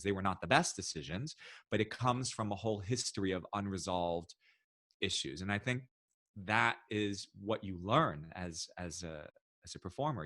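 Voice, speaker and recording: Low-voiced guy on a podcast, super expressive when he tells stories, dry mic. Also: no room sound. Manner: animated, expressive, acts out quoted voices. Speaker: podcast guest. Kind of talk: casual storytelling interview.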